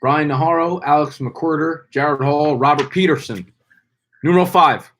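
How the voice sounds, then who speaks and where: A man's voice: on the high side, fairly even intonation, normal speed, slight background noise. Hype-talking young man streamer. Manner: loud playful hype with swearing and slang. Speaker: fantasy football streamer. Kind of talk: casual live stream chat.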